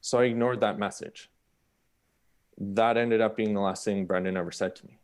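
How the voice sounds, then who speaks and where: Guy in his 30s telling a personal story on a panel, lowish voice, candid and animated. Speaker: panel speaker.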